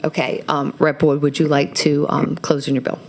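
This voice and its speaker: A woman chairing a legislative committee hearing, talking in a halting way with many fillers and restarts. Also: deep voice, level tone, vocal fry, slight background noise.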